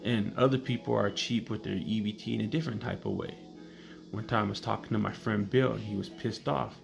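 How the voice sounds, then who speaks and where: A man's voice: on the low side, fairly even intonation, a little fast, vocal fry. A man casually telling comedic stories in a blunt, profane way. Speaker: storyteller. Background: background music.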